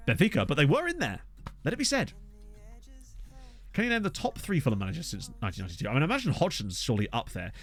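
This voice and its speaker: A man in casual let's-play commentary, chatty and self-mocking as he thinks out loud at a desk microphone. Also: medium pitch. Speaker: gaming YouTuber. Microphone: USB desk microphone.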